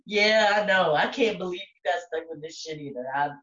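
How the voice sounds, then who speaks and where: A woman co-hosting a podcast in casual chat, profane and animated, often breaking into laughter. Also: fairly low pitch, normal speed. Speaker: podcast co-host. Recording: roomy, distant, dull sound.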